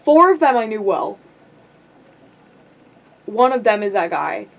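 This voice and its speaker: A woman's voice: mid-range voice, big pitch swings, a little slow. A young woman telling a rambling storytime vlog, full of likes and ums and giggling asides. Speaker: vlogger.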